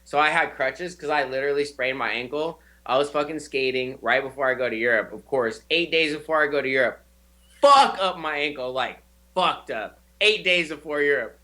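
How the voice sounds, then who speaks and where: A young man hosting a casual chat, telling stories in a slangy, swearing, animated way. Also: a little high, normal speed. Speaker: show host.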